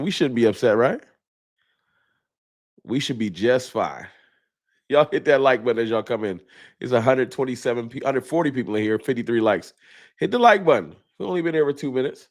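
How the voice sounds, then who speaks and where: A man's voice: medium pitch, expressive, brisk. A man hosting a live stream in a casual, laughing way, greeting viewers by name while his nose is stuffed up from a cold. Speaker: livestream host.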